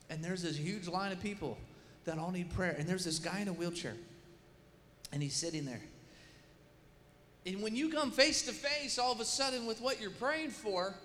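A man with a high, bright voice preaches in a story-telling manner, swinging between hushed asides and shouted prayer. He is recorded in a large church hall with long reverb and a faint murmur of room ambience behind him. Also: a little hiss or hum. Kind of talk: sermon story.

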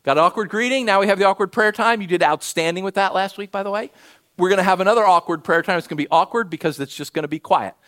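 A man preaching a sermon, animated, swinging between loud emphasis and hushed urging. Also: sits high, fast. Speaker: pastor.

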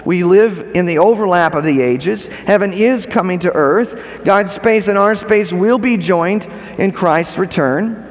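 High-pitched guy preaching in a church, repeats his big lines, keeps asking if you're following, long echo tail. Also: a little slow. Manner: emphatic, repeats key phrases, asks the congregation questions. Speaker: pastor. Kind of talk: sermon. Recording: long hall reverb.

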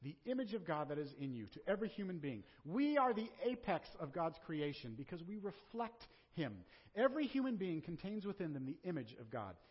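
Lively conversational preaching man in a hall. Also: high-pitched, fairly quick, slightly rough. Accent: Southern American. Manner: conversational preaching with rhetorical questions. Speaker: pastor. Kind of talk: sermon. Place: church sanctuary. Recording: dull sound with long hall reverb.

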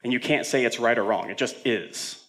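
A man's voice: mid-range voice, normal speed, a bit bright. A male senior pastor preaching a sermon in a conversational way, with frequent fillers and self-corrections.

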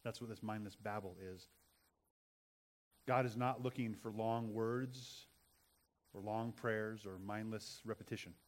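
A middle-aged male pastor delivering a sermon. He speaks earnestly, repeats key phrases for emphasis and builds to loud, forceful passages. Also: fairly low pitch, steady tone, measured pace, long pauses.

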